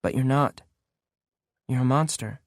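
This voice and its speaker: A male narrator voicing an emotionless teenage girl who speaks in a flat, quiet, toneless way. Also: medium pitch, measured pace, dry recording, clean studio sound, natural voice.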